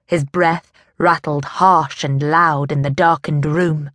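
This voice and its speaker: A woman narrating a historical romance audiobook in a steady, deliberate reading voice. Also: low-pitched, dry recording, studio quality. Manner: slow, even, deliberate reading. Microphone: close studio mic.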